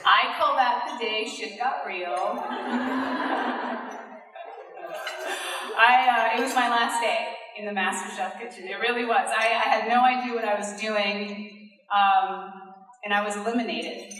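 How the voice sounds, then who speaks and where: A woman's voice: medium pitch, fairly even intonation, measured pace, pauses often, a crowd in the background, rough recording. A woman from Puerto Rico, a chef and TV host, giving a heartfelt motivational speech that builds to rallying calls.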